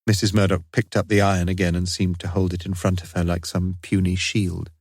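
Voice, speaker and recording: A man narrating an audiobook in a steady, unhurried reading voice. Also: low-pitched, no echo, studio quality. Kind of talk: scripted narration.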